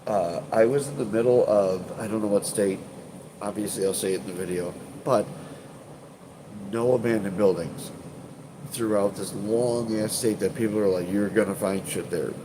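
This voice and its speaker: A stuffed-up man talks loosely to his live-stream viewers, full of "uh"s, restarts and casual swearing. His voice sits on the low side. A constant hum of air conditioning runs clearly under him. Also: normal speed. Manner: rambling, hesitant, many fillers and restarts, swears casually. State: congested, stuffed up. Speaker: urban exploration channel host.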